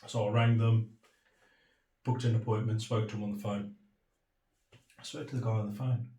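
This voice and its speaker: A man's voice: lowish voice, flat delivery, normal speed, mellow, distant mic. British man telling his story in an echoey room. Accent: British English. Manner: reflective, retells dialogue in quoted voices, repeats phrases. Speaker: interviewee. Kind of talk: candid personal storytelling.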